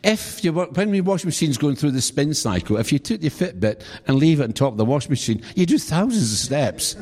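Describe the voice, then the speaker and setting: A man's voice: on the high side, big pitch swings, a little fast, darkish tone. A middle-aged British man preaching a sermon, telling humorous stories and asking the audience questions. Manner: humorous, chatty storytelling with asides to the audience. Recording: long hall reverb.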